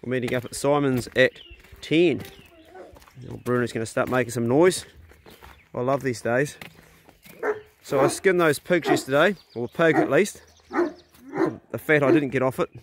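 Middle-aged guy filming on his phone outdoors, casual and blunt, swears a bit, coaxing his dogs, mid-pitched voice. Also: normal speed, long pauses, noisy background. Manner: easygoing and blunt, with mild swearing. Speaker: hunter and vlogger. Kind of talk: casual vlog chat. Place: outdoors on a rural property. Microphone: phone camera.

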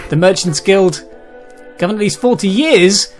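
A man's voice: sits high, expressive, fairly quick. A man giving casual commentary over a video game, reading the on-screen text aloud with frequent chuckles and exclamations. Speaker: gameplay commentator. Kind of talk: casual let's-play commentary. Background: game music.

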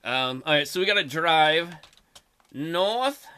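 A man's voice: a little high, lively intonation, unhurried, bright, forceful tone, clear, resonant tone. A man hosting a let's play video, joking crudely and reading game text aloud, with keyboard typing behind him. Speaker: gaming video host. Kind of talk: casual let's play commentary.

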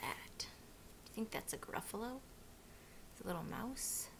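A woman teacher reading a picture book aloud to children, animated and asking them questions along the way. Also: mid-range voice, normal speed, vocal fry, in a whisper. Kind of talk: children's story read-aloud.

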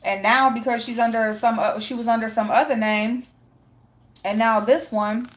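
A woman's voice: on the high side, fairly even intonation, normal speed. A woman hosting a casual live stream, reading chat and greeting viewers by name, blunt and profane with frequent laughter.

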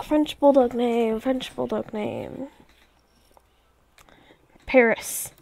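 A woman's voice: high voice, animated, slow, gravelly, pauses often, a little mellow, dry recording. A young woman chatting and rambling through her gameplay commentary, exclaiming and coaxing her pets along. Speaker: let's play YouTuber.

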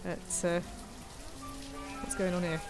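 A woman's voice: on the low side, little pitch movement, slow pace, soft background music. A woman, chatting playfully while streaming a city-building game live, thanking viewers and talking to herself as she plays. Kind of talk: live-stream gameplay commentary.

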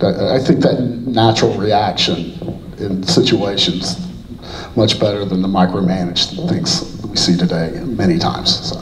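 A man hosting a podcast interview, asking questions in a lively, unhurried way. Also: sits low. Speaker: podcast host. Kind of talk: casual interview. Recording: roomy, distant mic, clear background noise.

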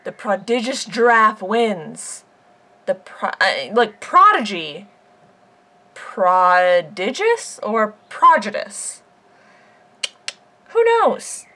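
A gaming video creator plays a game and comments on it live, casually and slowly. She's playful and excitable, cheering, trash talking, and now and then squeaking in a silly high voice.

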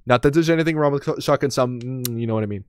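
A man's voice: medium pitch, rapid-fire, darkish tone, clean tone, dry recording, studio quality. A young man streaming a game in casual commentary, joking and rambling with self-mocking asides.

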